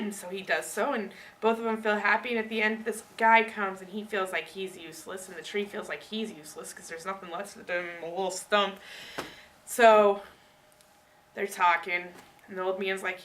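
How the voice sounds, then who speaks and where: A woman student giving a casual book talk presentation, chatty and animated, speaking straight to her listeners. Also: medium pitch, moderate pace, distant mic.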